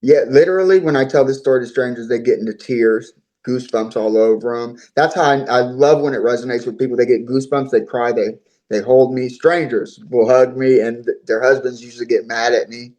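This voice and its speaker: A man as an interview guest, telling his own story in a voice of average pitch. He talks on earnestly and at length, and he often repeats and restarts his words. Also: steady tone, brisk, darkish tone, dull audio. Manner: earnest, talkative, repeats himself.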